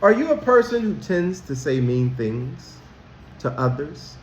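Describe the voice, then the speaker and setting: A man, a school counselor talking to students about manners, slow and emphatic, asking them questions. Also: on the high side, very animated, a little hiss or hum. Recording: roomy echo.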